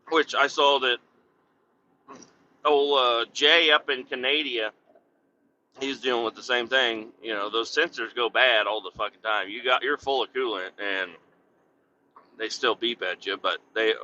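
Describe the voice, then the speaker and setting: A man's voice: mid-range voice, bright, forceful tone, slight background noise. Cursing, rambling trucker man. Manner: rambling, heavy cursing, laughs at his own stories. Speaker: truck driver and podcast host. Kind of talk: casual storytelling chat. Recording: dull lo-fi audio.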